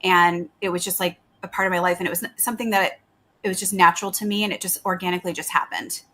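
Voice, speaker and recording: A middle-aged woman talks about herself as a guest in an interview. She is friendly and earnest, and her speech is full of small fillers. Her voice sits a little low. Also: steady tone, fast, pushed and bright. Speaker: guest psychic medium. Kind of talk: casual interview chat.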